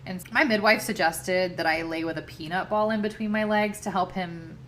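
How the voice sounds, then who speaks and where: A young woman with a fairly low voice tells her own story as a podcast host. She speaks candidly and expressively, with blunt asides. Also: steady tone, normal speed, fairly bright tone, slight background noise. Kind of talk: personal storytelling.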